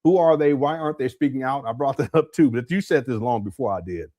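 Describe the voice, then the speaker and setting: A man's voice: mid-range voice, fast talker, dark tone, no echo, clean studio sound. A man hosting a live stream, casually rambling while reading viewer messages aloud. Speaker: livestream host.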